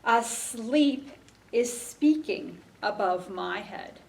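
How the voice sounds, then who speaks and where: A woman's voice: a little high, animated, very slow, creaky, darkish tone, distant mic, poor audio. A woman librarian giving a storytime reading for children, sing-song and stopping to ask the little listeners questions. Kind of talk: storytime read-aloud for children.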